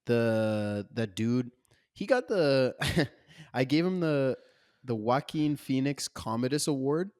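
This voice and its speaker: A young man talks casually as a podcast co-host, breaking down a film. He gets animated when he acts out characters' lines. His voice is mid-pitched and recorded close and dry. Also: slow, no room sound.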